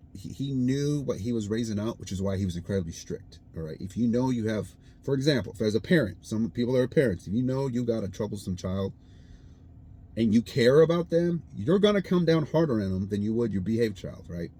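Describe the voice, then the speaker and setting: A man's voice: fairly low pitch, warm tone, slight background noise. A man talking casually to camera about his faith, explaining things plainly and often checking in with "all right?". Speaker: vlogger.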